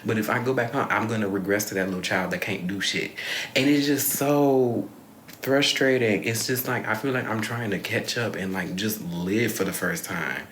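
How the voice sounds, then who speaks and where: A man's voice: fairly low pitch, moderate pace, fairly bright tone, slight background noise. A young man talking candidly in a rambling confessional vlog, swearing freely and sighing often. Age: young adult. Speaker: vlogger. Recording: echoey room.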